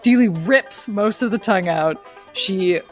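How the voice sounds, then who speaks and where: A woman's voice: medium pitch, measured pace, soft background music. A woman playing a tabletop game, casually narrating her character's actions. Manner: casual, storytelling. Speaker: player.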